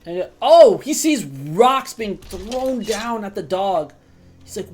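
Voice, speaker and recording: A woman's voice: mid-range voice, expressive, slow pace, a little mellow, husky. A woman streamer giving casual, profane commentary while roleplaying a video game. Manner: chatty, swears freely.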